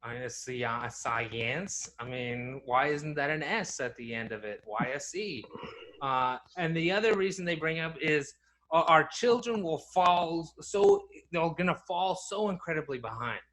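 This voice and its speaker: A man's voice: a little high, animated, a little slow, fairly bright tone, a little hiss or hum. A young man co-hosting a podcast, rambling in casual chat with many fillers and restarts. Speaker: podcast co-host.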